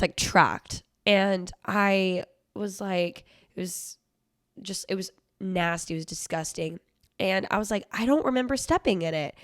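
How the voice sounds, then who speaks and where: A woman's voice: mid-range voice, dry recording, studio quality. A young woman hosting a solo podcast, telling a rambling, profane story in casual chat, full of "like" fillers. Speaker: podcast host.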